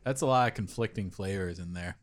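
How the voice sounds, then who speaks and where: A man's voice: low voice, brisk. A man co-hosting a beer tasting podcast, talking casually and rambling, laughing a lot. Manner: rambling, laughs a lot, does silly voices. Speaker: podcast co-host. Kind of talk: casual chat tasting beers.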